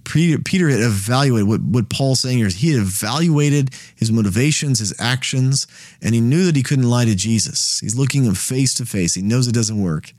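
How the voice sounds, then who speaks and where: A man's voice: mid-range voice, darkish tone, dry recording, clean studio sound. A man hosting a Bible study, teaching in a conversational way and checking in with frequent "right?" questions and restarts.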